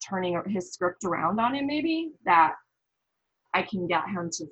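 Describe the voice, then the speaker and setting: A woman's voice: lowish voice, a little slow, husky, rough recording. A woman from the American Midwest, a guest on an interview show, telling a story animatedly and acting out what others said. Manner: animated, quotes others in lively voices. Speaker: guest, parent.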